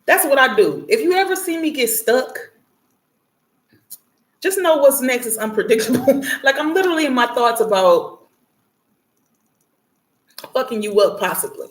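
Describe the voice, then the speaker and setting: This host of a spiritual reading and prayer message has a high-sitting voice at a moderate pace, with long pauses. She rambles to her viewers in a blunt, profane, casual way, laughing often and growing animated mid-rant.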